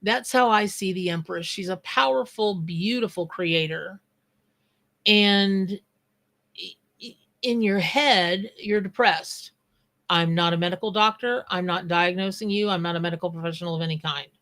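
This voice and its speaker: A woman's voice: lowish voice, moderate pace, a bit bright. A woman hosting a live tarot reading, talking bluntly and casually while greeting viewers by name. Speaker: tarot reader and psychic.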